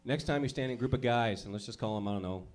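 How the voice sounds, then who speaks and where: A man's voice: mid-range voice, racing, darkish tone. A man doing a crude, brash stand-up comedy routine, acting out little scenes as he goes. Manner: crude, brash, acts out characters.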